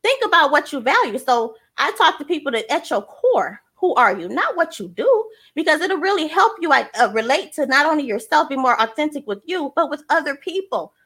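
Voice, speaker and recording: An energetic woman talks in a casual chat, high-pitched and emphatic. Her voice is bright and lively, and she keeps repeating her points to drive them home. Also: brisk, hardly any pauses. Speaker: transparency coach.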